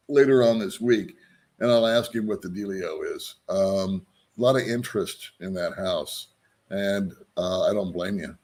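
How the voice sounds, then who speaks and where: A man's voice: lowish voice, darkish tone. A man hosting his own vlog, chatting casually and loosely, with frequent ums and chuckles. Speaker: vlog host. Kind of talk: casual rambling vlog chat.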